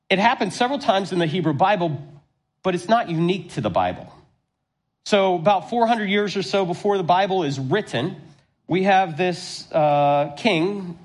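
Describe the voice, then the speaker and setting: High-voiced man preaching a sermon. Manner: storytelling, animated with self-deprecating humor. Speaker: pastor.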